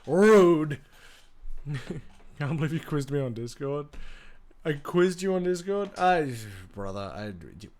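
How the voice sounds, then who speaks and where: A man's voice: on the high side, expressive, measured pace, long pauses, darkish tone. A man, chatting casually with his live-stream audience, swearing freely and greeting viewers by name, tired from little sleep. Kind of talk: casual gaming stream chat. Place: home room with a large bookshelf.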